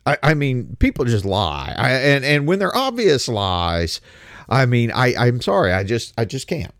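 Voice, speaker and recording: A middle-aged man speaking in a casual spoken monologue, halting with many restarts and rhetorical questions. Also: mid-range voice, big pitch swings, no room sound, clean studio sound.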